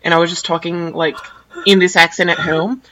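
A woman's voice: lowish voice, flat delivery, fairly quick, bright, forceful tone, poor audio. A teenage girl from San Diego, chatting as a podcast guest and rambling with lots of "like". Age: teens. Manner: rambling, says like constantly. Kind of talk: casual chat.

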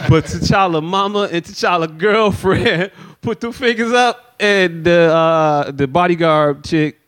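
A man hosting a podcast, recapping a movie in casual chat with animated, profane storytelling full of acted quotes. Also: sits high, slow pace, smooth. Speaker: podcast host.

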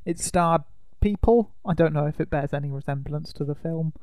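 A man hosting a casual film podcast, teasing his co-host in a dry, deadpan way. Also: fairly high pitch, normal speed, no echo.

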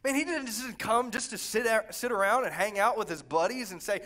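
A man preaching a lively, conversational Pentecostal sermon, swinging from quiet asides to fervent shouts. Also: sits high, fairly quick. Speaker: pastor.

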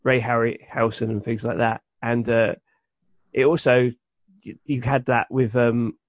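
The male podcast co-host speaks at a measured pace in a medium-pitched voice with little pitch movement. He chats casually, rambling and restarting with many fillers. There's no echo, and the audio is dull and lo-fi.

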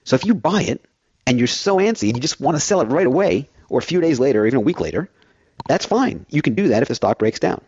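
Fast-talking man hosting finance radio. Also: medium pitch, big pitch swings, darkish tone, slightly rough, no room sound, lo-fi sound. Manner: fast-talking, rambling with everyday analogies. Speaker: fill-in radio host.

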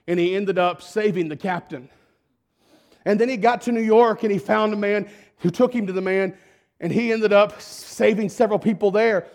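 A male preacher telling a story in a sermon. He speaks emphatically and swings between loud and hushed. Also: sits high.

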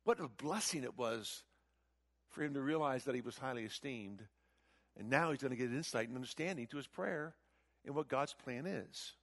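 A man preaching a sermon, animated and emphatic, with frequent rhetorical questions. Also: mid-range voice, normal speed.

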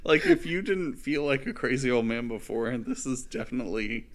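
Wry man with a lively voice. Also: mid-range voice, normal speed, a loud crowd. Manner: wry, joking asides. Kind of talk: casual chat reviewing a film.

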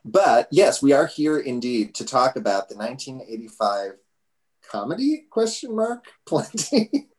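A man's voice: mid-range voice, sing-song, measured pace, a little mellow. A man hosting a podcast, talking casually and rambling with lots of fillers. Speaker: podcast host. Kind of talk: casual chat.

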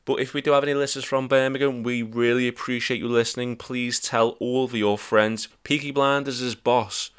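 A man's voice: mid-range voice, level tone, a little fast, few pauses, smooth. A man co-hosting a podcast, joking and swearing in casual, sarcastic banter. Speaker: podcast co-host.

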